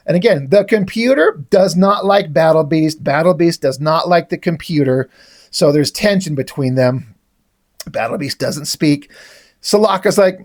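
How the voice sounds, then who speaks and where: A man's voice: fairly high pitch, lively intonation, moderate pace. A man casually retelling the plot of a comic issue, reading its dialogue aloud in his own voice with only small shifts for the characters. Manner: reads dialogue aloud with little character voicing. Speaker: comic book reviewer.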